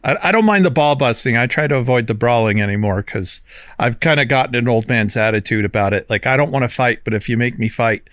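A man's voice: mid-range voice, quick pace, a bit bright, no echo. An easygoing man with a mid-range voice chats on a podcast over drinks and jokes about himself. His voice sounds close and dry, with no room in it. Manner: easygoing and joking, self-deprecating. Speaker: military veteran podcast co-host.

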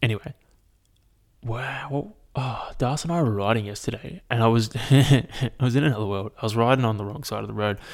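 A man's voice: mid-range voice, fairly quick, vocal fry, few pauses. A young man, chatting casually to his audience in a rambling, sweary rant. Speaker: vlogger. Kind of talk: casual chat. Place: at home, at a laptop.

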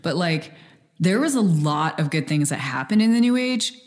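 A woman with a very low voice hosts a podcast. She lays out the topic in a chatty, casual way. Her talk is loose and full of fillers. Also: expressive, normal speed, a little mellow. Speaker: podcast host. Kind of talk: casual chat.

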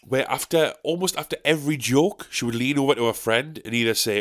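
Stand-up comedian from South Shields, man, North East English accent, exasperated ranting monologue, medium pitch. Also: a little fast. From South Shields, England. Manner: exasperated ranting, swearing, with sharp high-pitched "what?" outbursts. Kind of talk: casual monologue podcast.

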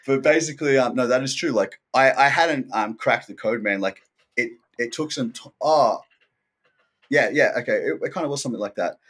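A man's voice: mid-range voice, brisk, a bit bright, breathy edge. A man talking as a podcast guest in a candid, rambling way, swearing often and restarting his sentences. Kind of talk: candid casual conversation.

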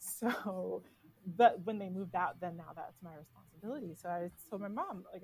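A woman's voice: fairly low pitch, moderate pace, darkish tone, low-quality recording. A woman as a podcast guest, telling personal stories in a candid, casual way. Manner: candid, personal storytelling with many "like"s. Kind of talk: casual interview conversation.

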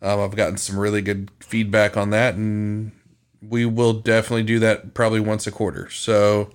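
Male podcast co-host, lowish voice, easygoing slangy chat with casual swearing. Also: completely flat delivery, moderate pace, clear, resonant tone.

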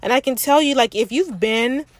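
She has a high-pitched voice, speaks at normal speed, and the recording has no room sound. Hosting a candid self-help podcast, she reflects frankly with the listener, whom she calls sis, thinking aloud and restarting often.

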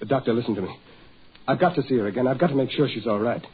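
A frantic, desperate husband. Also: male voice, medium pitch, racing. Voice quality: strained, desperate, very husky. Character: frantic husband driven half mad. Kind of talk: 1940s radio acting. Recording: muffled old radio recording.

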